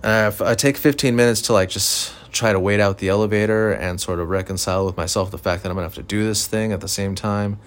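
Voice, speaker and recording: Low-pitched male host, loose profane storyteller, chatty monologue. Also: steady tone, fast, hardly any pauses. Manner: rambling, profane, self-deprecating storytelling with many fillers. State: recovering from illness, short of breath at times. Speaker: podcast host. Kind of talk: casual monologue.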